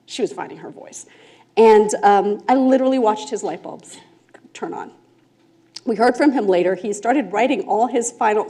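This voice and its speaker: A woman speaking at a conference, telling a case story in an animated way, laughing often and checking in with "right?". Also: mid-range voice. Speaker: conference speaker, restorative justice facilitator. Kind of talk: storytelling talk to a conference audience. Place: conference room.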